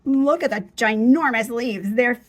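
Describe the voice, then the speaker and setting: A woman's voice: fairly high pitch, unhurried. A middle-aged woman chatting casually and gushing as she flips through her handmade craft journal. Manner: chatty, gushing, restarts mid-phrase.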